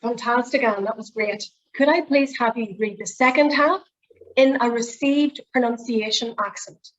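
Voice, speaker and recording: A woman's voice: on the high side, normal speed, fairly bright tone, highs cut off, slight background noise. A woman presentation skills trainer leading a workshop, chatty and encouraging with polite requests. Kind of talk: workshop teaching.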